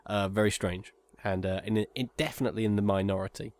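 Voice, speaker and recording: A man, co-hosting a podcast, chatting casually with halting restarts. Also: fairly low pitch, fairly even intonation, darkish tone. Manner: halting, stumbling restarts, laughs into lines. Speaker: podcast co-host. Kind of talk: casual chat. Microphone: remote call mic.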